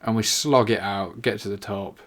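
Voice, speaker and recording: A man's voice: fairly low pitch, fairly even intonation, moderate pace. A young man casually telling a rambling, sweary story, full of "like" fillers. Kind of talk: casual anecdote.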